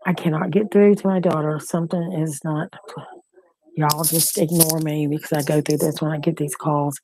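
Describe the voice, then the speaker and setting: A woman's voice: sits low, steady tone, moderate pace, warm tone, poor audio. A middle-aged woman hosting a casual live-stream chat from home, talking in an anxious, rambling way and repeating herself. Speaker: host.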